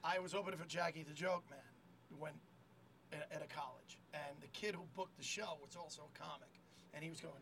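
A man comedian hosting a casual chat, telling a story loudly and shouting out the lines of the people he quotes. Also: a little high, fairly even intonation, brisk, creaky, a little hiss or hum, rough recording. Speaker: comedian host.

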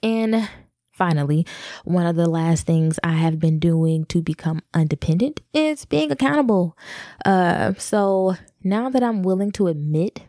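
Candid woman with a gravelly, mellow voice. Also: fairly low pitch, animated, a little slow, dry recording, studio quality. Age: 30s. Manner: candid, confessional, addresses viewers as y'all. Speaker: vlogger. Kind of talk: candid personal vlog.

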